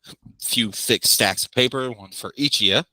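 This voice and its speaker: Guy running a tabletop game, bright clear voice, lively storytelling. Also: mid-range voice, normal speed, no echo. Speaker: game master.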